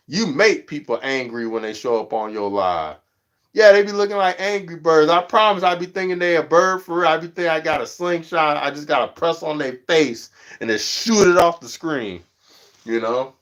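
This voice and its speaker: Male livestream host, slightly high voice, slangy, animated storyteller, a bit stuffy-nosed. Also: moderate pace. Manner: animated storytelling, jumps high when quoting others; slangy, says "you know what I'm saying" often. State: stuffy nose from allergies. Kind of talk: casual livestream chat.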